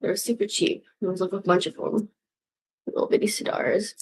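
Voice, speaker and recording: A woman's voice: medium pitch, steady tone, normal speed. A woman in her sixties rambling casually at home in a goofy, self-mocking way, swearing freely and drifting now and then into whispers. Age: 60s. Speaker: vlogger. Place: home room.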